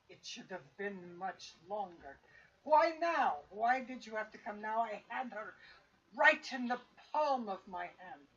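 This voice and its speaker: A woman's voice: mid-range voice, expressive, slow, fairly bright tone, slightly rough, distant mic, highs cut off, full character voice. A woman voicing a brooding ancient male vampire lord who speaks in a bitter, resentful lament.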